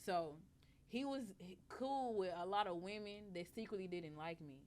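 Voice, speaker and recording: Woman, podcast guest, animated profane storyteller, medium pitch. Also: normal speed. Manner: animated, profane, acts out quoted lines. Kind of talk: casual storytelling.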